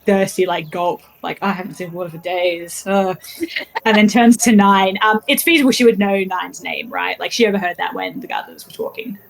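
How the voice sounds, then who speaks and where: A woman at a tabletop game talking casually about her rolls and her character. Her voice is mid-pitched and chatty. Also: moderate pace, creaky, low-quality recording. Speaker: player.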